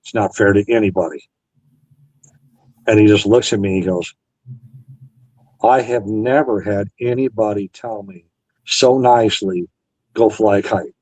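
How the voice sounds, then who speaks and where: A man's voice: lowish voice, a little slow, long pauses, darkish tone, no room sound, poor audio. A Navy veteran man in an interview, earnestly retelling past conversations and quoting both sides. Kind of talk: storytelling interview.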